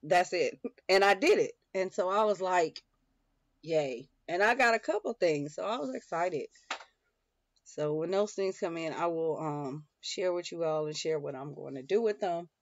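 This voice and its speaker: A woman's voice: lowish voice, normal speed, no room sound. A woman chatting casually to viewers about homeschooling, rambling with many fillers and restarts. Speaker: homeschooling mom vlogger. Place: home schoolroom. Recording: dull lo-fi dry sound.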